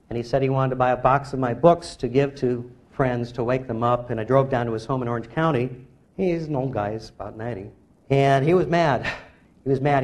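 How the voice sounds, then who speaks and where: A man's voice: medium pitch, darkish tone. A man, an author giving a public talk, delivering an emphatic, rallying lecture that exhorts his audience.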